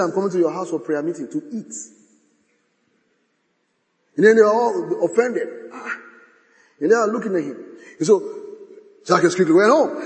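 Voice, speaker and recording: Animated, high-pitched man preaching in a hall. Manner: dramatic, swings from shouting to hushed, acts out quotes. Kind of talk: sermon.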